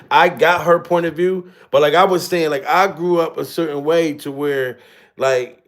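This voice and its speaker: A man hosting a casual livestream, chatting with viewers in slangy talk and laughing often. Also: on the high side. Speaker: livestream host reading chat.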